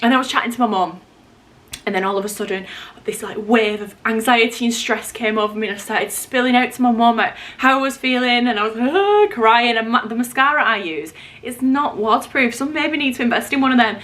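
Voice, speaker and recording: A young woman from England talks to camera in a casual home vlog, her voice sitting a little high for a woman. She chats in a confiding, rambling way, full of fillers and quick self-corrections. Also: a bit bright. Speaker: vlogger. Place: home, in the middle of moving house.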